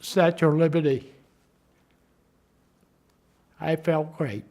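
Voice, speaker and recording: A man in his nineties, a war veteran recalling his memories to the camera in a halting way, often repeating and restarting his words. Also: on the high side, darkish tone. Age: 90s.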